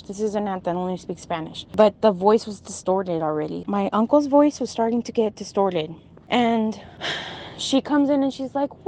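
A woman casually retelling a vivid dream, halting with restarts and asides. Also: medium pitch, darkish tone. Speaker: storyteller.

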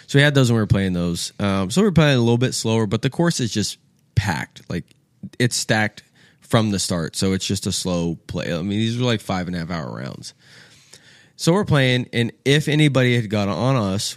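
A young man with a lowish voice tells a rambling story, loose and profane, jumping into the voices of the people in it. The sound is close and dry, with no room around it. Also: dry recording. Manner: animated, swears freely, acts out quoted voices. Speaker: podcast guest. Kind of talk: casual storytelling.

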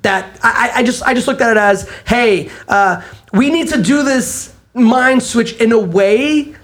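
Animated male co-host in casual chat, keeps slipping into quoted voices. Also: very high-pitched, unhurried. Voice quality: animated, swearing, acts out quotes. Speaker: podcast co-host.

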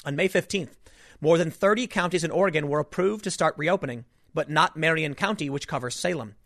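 A man with a fairly high voice hosts his own political commentary. He talks in an animated, emphatic way and peppers his points with rhetorical asides. The recording is dry and close, with no room sound. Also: brisk, vocal fry, no echo.

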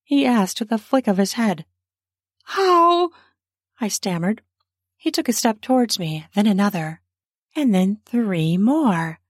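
A woman narrating an erotic story in the first person, soft and breathy, sometimes dropping to a whisper. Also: mid-range voice, animated, unhurried, dry recording, clean studio sound.

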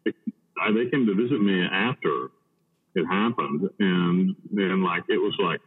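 A man from the United States telling a story in blunt, profane talk, halting with many restarts. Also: deep voice. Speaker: podcast guest. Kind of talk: casual storytelling. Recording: tinny phone-like line with long reverb.

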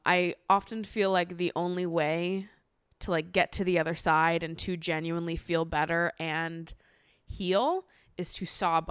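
A woman's voice: lowish voice, a bit bright, clear, resonant tone, dry recording, studio quality. A young woman hosting a podcast in candid casual chat, laughing often and using plenty of slang. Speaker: podcast host.

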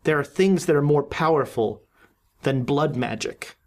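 A game master voicing a sinister masked cult lady in a dream scene, speaking low and quiet. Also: unhurried, lightly acted. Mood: menacing.

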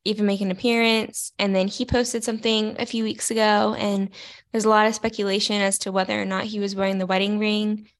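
A young adult woman co-hosting a podcast in a casual chat, relaxed and agreeable, often chiming in briefly. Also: mid-range voice, fairly quick. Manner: relaxed, agreeable, short replies. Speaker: podcast co-host.

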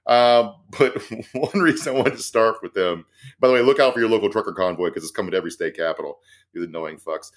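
Quick-talking male co-host, fairly low voice, salty and jokey. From American South. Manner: fast-talking, profane, laughing asides. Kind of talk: casual comedic news chat.

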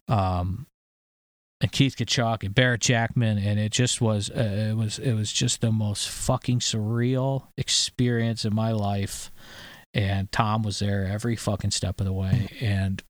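A man's voice: lowish voice, no echo. A man in his thirties from St. Louis, hosting a podcast and telling a story in a rambling, profane, emphatic way full of restarts. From St. Louis, USA. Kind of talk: casual storytelling chat.

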